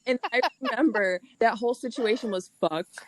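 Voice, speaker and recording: A young woman hosting a casual chat, blunt and quick to laugh, swearing freely as she talks. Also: fairly high pitch. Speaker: podcast host.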